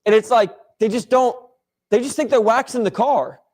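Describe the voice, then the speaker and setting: A man's voice: very high voice, moderate pace, a little mellow. A man leading a casual Bible class discussion in a church classroom, talking in a loose, rambling way with many fillers and restarts.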